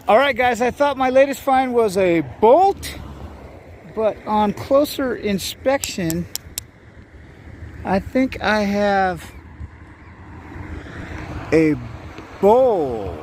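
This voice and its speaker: A man casually narrating an outdoor vlog by a lake, upbeat and rambling, with plenty of fillers and excited exclamations. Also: high-pitched, slight background noise. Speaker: vlogger.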